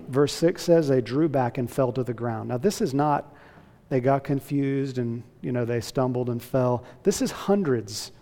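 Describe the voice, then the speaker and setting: A man's voice: mid-range voice, dark tone. Emphatic male preacher in a reverberant hall. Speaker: pastor. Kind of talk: sermon.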